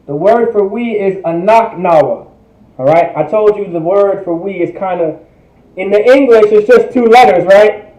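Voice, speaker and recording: A man's voice: high voice, dark tone, echoey room, poor audio. A man teaching a livestreamed language class, repeating phrases and checking in with viewers. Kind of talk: online language lesson.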